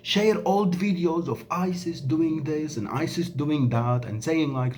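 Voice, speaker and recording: Speaking to camera, this Syrian man in his thirties, whose first language is Arabic, vents in a heated, emphatic vlog monologue, firing off rhetorical questions. His pitch is fairly high, his delivery animated and a touch slow.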